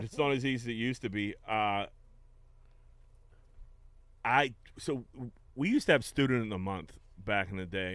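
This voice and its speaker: A man's voice: lowish voice, a bit bright, smooth. A man, hosting a casual podcast chat with loose, joking talk. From Pittsburgh. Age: 40s. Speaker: podcast host. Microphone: studio podcast microphone.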